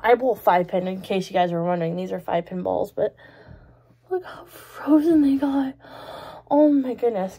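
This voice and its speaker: A woman's voice: medium pitch, moderate pace, warm tone, breathy edge. Giggly woman in her twenties. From Canada. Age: 20s. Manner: giggly, rambling, exclaims often. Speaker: vlogger. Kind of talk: casual chatty vlog.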